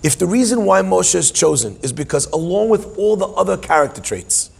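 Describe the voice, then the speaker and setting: A man's voice: high voice, big pitch swings, a little fast, gravelly, darkish tone, breathy edge. A man teaching a humorous Torah class in a playful, musing way, full of self-deprecating asides.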